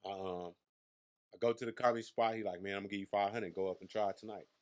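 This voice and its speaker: A man's voice: on the low side, steady tone, fast talker, a little mellow. A man in his thirties from Las Vegas, a comedian guest telling brash, profane stories in a casual interview. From Las Vegas, USA. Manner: brash, profane, boastful storyteller.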